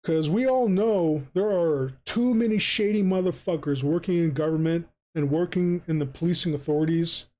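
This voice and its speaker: A man streaming while he draws, ranting heatedly with heavy swearing and a mock campaign pitch. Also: moderate pace, hardly any pauses, dark tone. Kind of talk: angry profane rant while drawing on stream.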